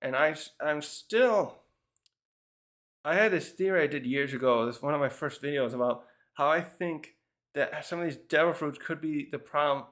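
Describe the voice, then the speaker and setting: A man's voice: a little high, normal speed, a bit bright. Guy chatting thru a manga chapter, loose and rambly, keeps restarting his sentences. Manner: thinks aloud with many restarts and fillers. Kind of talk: casual rambling commentary.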